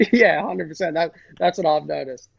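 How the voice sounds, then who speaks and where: A young Australian man, a guest on a podcast, talking in a relaxed, easygoing way. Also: a little high, measured pace, vocal fry, husky. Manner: relaxed, easygoing, says "eh" and "sick" a lot. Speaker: guest, motocross racer. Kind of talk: casual chat.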